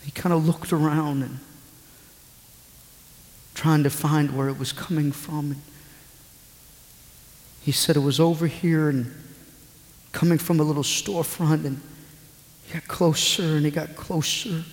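A man preaching a sermon as a pastor, telling a story slowly and with feeling, with dramatic pauses. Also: a little high, fairly even intonation. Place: church hall. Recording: echoey hall, long reverb.

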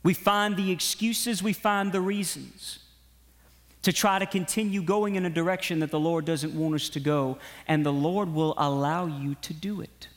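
High-voiced preacher in an echoing hall. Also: male voice, normal speed. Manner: animated storytelling with exhortation. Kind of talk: sermon. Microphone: broadcast to online viewers. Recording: long hall reverb.

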